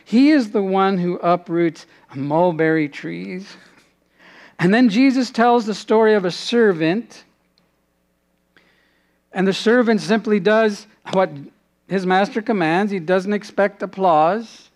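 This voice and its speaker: High-voiced man preaching a sermon. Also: takes it slowly. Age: adult, father has passed away. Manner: earnest preaching, dropping to a hushed voice in prayerful moments. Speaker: pastor.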